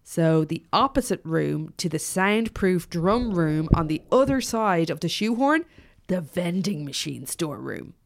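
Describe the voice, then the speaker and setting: Low-voiced woman reading a story casually. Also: lively intonation, gravelly. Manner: chatty storyteller, swears freely, quick asides. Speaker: podcast co-host.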